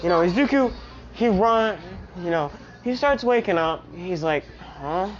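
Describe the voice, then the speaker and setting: A woman's voice: on the low side, lively intonation, moderate pace, soft background music. A woman casually telling a fan-made story, rambling along with lots of "you know". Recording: dull lo-fi recording.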